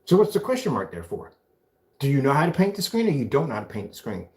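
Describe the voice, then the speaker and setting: A taunting man delivers a callout rant. His pitch swings up and down as he mocks, and he throws the other person's phrases back with scornful sarcasm. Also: big pitch swings, fast talker, darkish tone. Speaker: video blogger. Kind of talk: ranting callout video.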